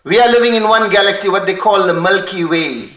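High-voiced, fast preacher in an echoey hall. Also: male voice, muffled recording. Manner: impassioned, quotes Arabic poetry in rapid recitation. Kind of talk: sermon. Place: mosque hall.

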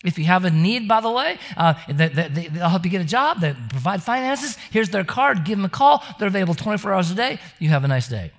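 A man's voice: sits high, big pitch swings, quick pace, creaky, hardly any pauses. A man preaching a sermon, telling stories with frequent stammering restarts and acting out the characters' voices. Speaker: pastor. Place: church service.

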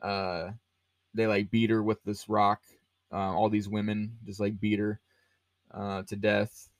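A man's voice: lowish voice, level tone, measured pace, no echo. A man hosting a podcast, talking about a film casually with lots of fillers and restarts. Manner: rambling, many fillers and restarts. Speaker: podcast host.

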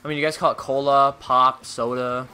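A man's voice: mid-range voice, level tone, moderate pace, bright, forceful tone, soft background music. A man streaming and commentating a video game live in a playful, joking, rambling way.

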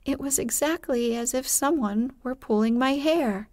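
A woman voicing Wendy, a brave, proper young girl, in a soft, breathy, hushed storybook reading. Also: sits high, a little slow, dry recording, voice pushed up. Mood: eager.

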